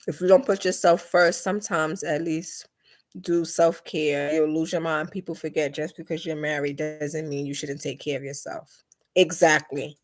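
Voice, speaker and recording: A young woman chatting casually on a live stream, reading comments and acting out her mother's lines in a lively, talkative way. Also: deep voice. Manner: lively, chatty, quick mood swings, acts out her mom's lines. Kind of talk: casual chat.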